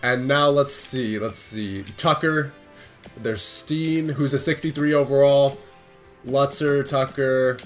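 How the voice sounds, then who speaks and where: An excitable young man talking over his hockey video game, calling each play and cheering or groaning at what happens on screen. His voice sits at an ordinary middle pitch, and there is faint music underneath him. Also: slow pace. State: out of breath at times. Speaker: gaming video creator. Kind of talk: casual gameplay commentary.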